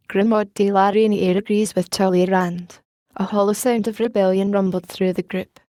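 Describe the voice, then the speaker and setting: Calm woman narrating an audiobook. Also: medium pitch, normal speed, dry recording, clean studio sound. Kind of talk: scripted narration.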